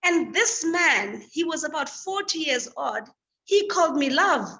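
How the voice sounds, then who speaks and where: An animated woman from Africa tells a personal story on a video call. Her voice sits high and bright, with clear, ringing tones. She spins her tale with lively warmth. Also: a little slow. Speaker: guest speaker.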